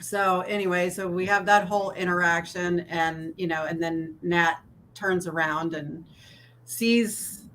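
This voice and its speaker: Low-voiced chatty woman podcast host. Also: fairly even intonation, measured pace, a bit bright, a little hiss or hum. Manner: chatty, laughing, presents slides. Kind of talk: casual fan chat.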